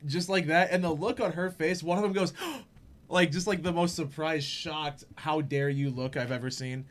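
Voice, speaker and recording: Young guy hosting a chat show, telling a story all lively, doing little voices for people. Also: on the high side, a little fast. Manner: animated, laughing, acts out quotes. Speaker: podcast host.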